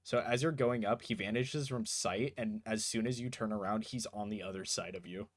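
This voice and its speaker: Guy running a tabletop game, loose casual narration, gets animated describing stuff. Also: lowish voice, normal speed. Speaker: game master.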